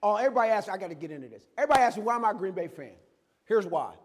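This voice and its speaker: A man giving a lively, conversational motivational talk about his own life, acting out bits of dialogue as he goes. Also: high voice, racing, in a large hall. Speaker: guest speaker. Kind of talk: motivational personal storytelling talk. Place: campus event hall.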